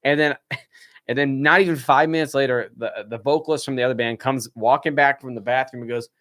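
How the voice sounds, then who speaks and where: A man's voice: mid-range voice, fairly quick, no room sound, clean studio sound. A young man on a live stream, casually telling a story with frequent laughs and acted-out quotes. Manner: animated, laughs often, acts out what people said.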